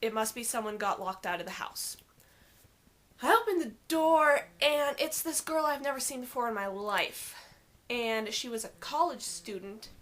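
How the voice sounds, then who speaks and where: Teen girl vlogging, kinda high voice, sarcastic and fed up, animated storytelling. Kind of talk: casual storytelling vlog.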